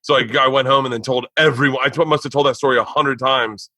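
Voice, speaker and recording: A man hosting a podcast, telling a long story to friends, animated, laughing and swearing often. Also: mid-range voice, fast talker, no echo. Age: young adult. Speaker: podcast host.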